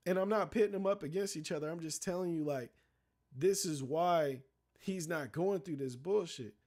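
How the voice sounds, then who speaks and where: A man's voice: a little high, a little mellow. A young man streaming casual, profane commentary, rambling in loose slang with many restarts and asides to his chat.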